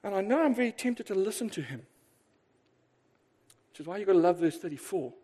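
A male pastor preaching a sermon, emphatic and lively, asking rhetorical questions and swinging between loud bursts and quiet asides. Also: high voice, fairly quick, slightly rough.

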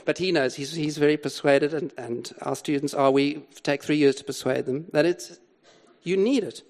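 An older man's sermon explains a passage from the Bible at a normal speed. His voice is on the high side and darkish in tone, and he speaks emphatically, repeating key words and asking rhetorical questions.

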